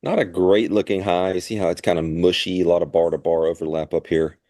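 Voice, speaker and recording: A man co-hosting a live trading show, giving steady market commentary. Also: deep voice, brisk, no room sound, studio quality.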